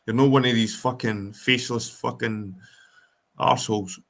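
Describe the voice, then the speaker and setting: A man's voice: mid-range voice, unhurried, vocal fry. Sweary Scottish man ranting on a livestream. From Scotland. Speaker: livestream host. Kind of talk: casual ranting livestream chat.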